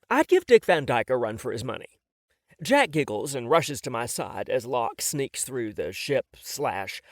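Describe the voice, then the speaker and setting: A man's voice: medium pitch, no echo. A man narrating a novel in the first person, wry and self-mocking, on a close studio mic. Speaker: audiobook narrator.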